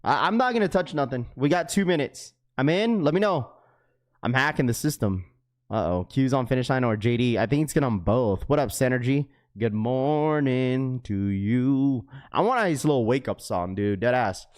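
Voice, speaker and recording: A young man livestreaming to his chat in a casual, slangy way, getting excited and repeating himself. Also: medium pitch, normal speed. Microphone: webcam setup.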